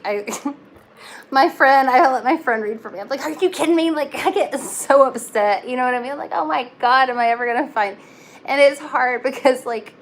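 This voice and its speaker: A woman's voice: fairly high pitch, a little hiss or hum. A young woman giving a casual live tarot reading, talking in a chatty, reassuring way with lots of fillers. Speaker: tarot reader.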